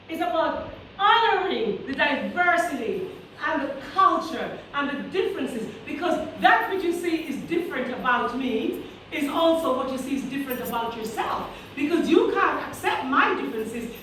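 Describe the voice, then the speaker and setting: A woman's voice: high-pitched, fairly bright tone, a little hiss or hum. A woman giving a motivational keynote to teachers, sassy and preacher-like, calling out to her audience in a school hall. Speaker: keynote speaker. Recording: very echoey hall recorded from a distance.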